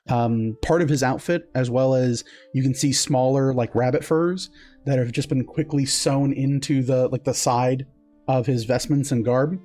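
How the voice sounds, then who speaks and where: A man's voice: mid-range voice, warm tone. A man narrating a tabletop game as game master, descriptive, with many fillers and self-corrections.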